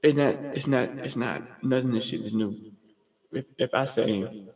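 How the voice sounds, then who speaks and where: A young man from Georgia hosting a livestream, telling rambling, profane stories in slangy, fast casual talk. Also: medium pitch, darkish tone. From US state of Georgia. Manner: fast talker. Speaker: livestream host. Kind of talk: casual storytelling monologue. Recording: roomy with long reverb.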